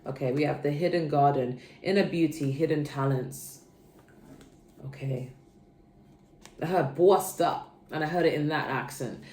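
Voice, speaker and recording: A woman's voice: deep voice, a little slow, pauses often, a little mellow. A young woman giving a casual, chatty tarot reading to her viewers, rambling and checking in with "okay" often. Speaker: tarot reader. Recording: roomy echo.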